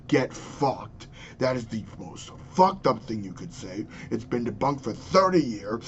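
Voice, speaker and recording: A man in his twenties vlogs into his webcam, ranting angrily about politics and cursing throughout. His voice is mid-range, the highs are cut off, and there's slight background noise.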